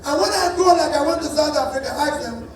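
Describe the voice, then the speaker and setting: A man's voice: very high voice, quick pace, a little hiss or hum. A man with a Nigerian accent giving an emphatic political speech at a dinner event, repeating key lines for force. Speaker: political speaker. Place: large dinner event hall. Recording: echoey hall, voice from far off.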